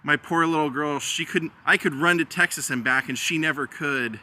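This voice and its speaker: Man doing a grieving mother, pleading, distraught, bright voice. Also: fairly high pitch, normal speed.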